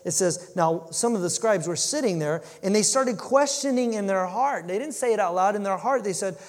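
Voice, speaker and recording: Male preacher, high-pitched, chatty and animated, acts out quotes; church hall with long reverb. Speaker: pastor. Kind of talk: sermon.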